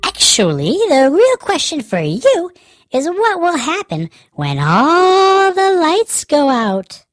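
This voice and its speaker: A man voicing a mean, smug witch who answers everything with a sharp question. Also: very high voice, huge pitch swings, slow, no echo, clean studio sound, faint music behind, voice pushed up, exaggerated voice.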